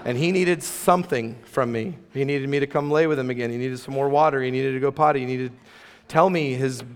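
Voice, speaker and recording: A man's voice: medium pitch, brisk, clean tone. A man preaching a sermon as pastor, conversational and emphatic, with playful asides to the room. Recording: long reverb of a large hall.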